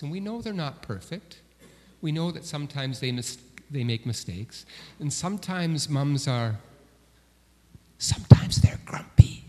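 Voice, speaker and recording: A man giving a children's message in church, telling gentle stories and asking the children questions. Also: medium pitch, slight background noise. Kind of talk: children's sermon storytelling. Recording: long hall reverb.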